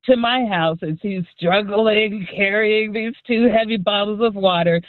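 A woman calling in to a radio show, telling a story in a lively, amused way. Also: medium pitch, measured pace, dry recording. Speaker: caller. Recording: tinny phone line.

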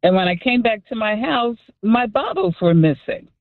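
A woman's voice: on the high side, normal speed, dry recording. Amused woman caller over a phone line. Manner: lively, amused storytelling. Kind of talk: telling a story on a call-in radio show.

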